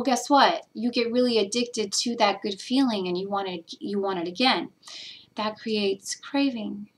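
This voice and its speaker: A woman vlogger talking casually and earnestly about meditation, getting emotional as she rambles with fillers. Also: on the high side. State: teary. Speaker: spiritual vlogger. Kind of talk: casual personal talk.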